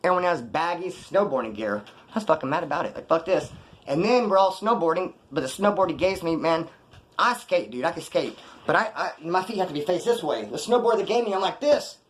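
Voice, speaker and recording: Give me a young man telling a profane, slangy story at a rapid clip. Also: fairly high pitch. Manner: profane slangy street talk, animated retelling. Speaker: vlogger telling prison and post-release stories. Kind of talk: casual storytelling monologue.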